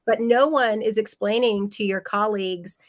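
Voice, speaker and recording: A woman from the pharmaceutical industry, speaking earnestly in a casual interview with many pauses. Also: mid-range voice, steady tone, no echo. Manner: earnest, filler-heavy.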